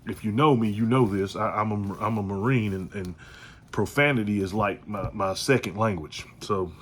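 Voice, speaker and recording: A man's voice: lowish voice, normal speed, fairly bright tone, slight background noise. A man hosting his own podcast, talking casually and repetitively in slangy, joking asides. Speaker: podcast host. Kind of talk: casual solo podcast monologue.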